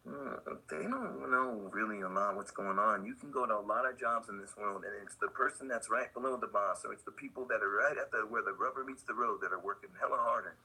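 Telling rambling, filler-heavy stories in a casual podcast chat, this older skateboard company owner has a mid-range voice that is gravelly, bright, forceful and slightly rough. The recording is low in quality.

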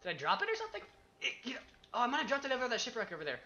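A young man casually commenting as he plays a survival game, chatty and excitable, talking to himself and the objects in it. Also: very high-pitched, very fast, dull audio. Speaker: gaming YouTuber. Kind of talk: casual let's-play commentary.

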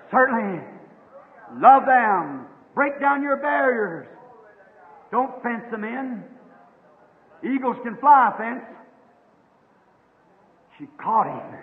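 Fervent high-voiced preacher on old tape. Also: male voice, animated, slow pace, long pauses. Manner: fervent, rhythmic preaching that breaks into shouts. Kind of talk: revival sermon. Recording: tinny old tape in a long-echoing hall.

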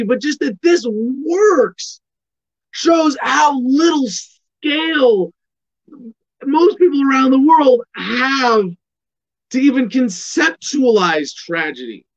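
High-voiced man ranting on politics. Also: a bit bright, dull audio. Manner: emphatic, asks and answers his own questions. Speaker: political commentator. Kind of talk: political commentary monologue.

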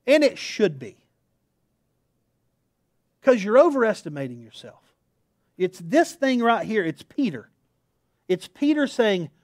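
Middle-aged male pastor, high-pitched, dry close-miked delivery; a humorous storyteller who pokes fun at himself from the pulpit. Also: big pitch swings, unhurried, pauses often, no echo. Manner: storytelling, self-deprecating, laughs at himself. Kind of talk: sermon.

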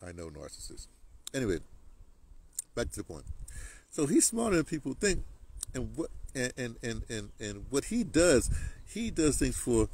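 A man's voice: medium pitch, a little mellow, husky, poor audio. A man delivering a rambling political rant, repeating words and restarting often. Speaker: political commentator. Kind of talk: ranting monologue.

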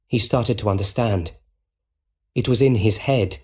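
A man reading a simple storybook in slow, deliberate narration for English learners. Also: on the low side, darkish tone, slightly rough. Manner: plain and deliberate.

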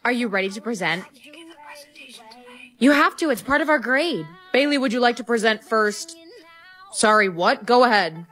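A stern, impatient female teacher, voiced by a woman in a comedy skit. Her voice is fairly high, and she is short with her students. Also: lively intonation, moderate pace, pauses often, fairly bright tone.

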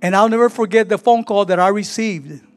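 A middle-aged man preaching a sermon in a church, emotional and halting, with frequent restarts. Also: sits high. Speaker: pastor. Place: church sanctuary.

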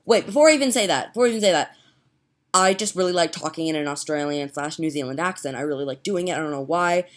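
A woman's voice: low-pitched, fast talker. A young woman rambling in a casual home vlog, chatty and giggly, laughing at herself as she talks. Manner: chatty, giggly, self-mocking. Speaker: vlogger. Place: home, indoors.

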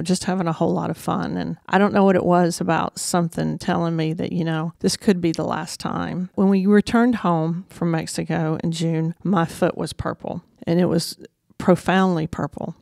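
A woman's voice: fairly low pitch, creaky, a little mellow, no room sound, clean studio sound. A woman, hosting and telling a personal story in a candid, emotional, conversational way. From Georgia, USA. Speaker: host.

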